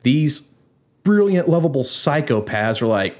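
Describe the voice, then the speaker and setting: A man speaking as a panelist in a casual podcast discussion, telling stories with quick jokes. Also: on the low side.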